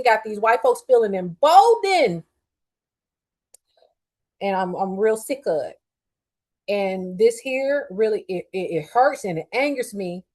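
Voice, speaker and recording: A middle-aged woman with a fairly high voice pours out a personal story on her podcast. She speaks candidly and swears freely, moving between low, simmering fuming and loud, angry bursts. She sounds upset, like someone who has been crying on and off all day. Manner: candid, profane and heated, swinging between quiet fuming and loud outbursts. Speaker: podcast host.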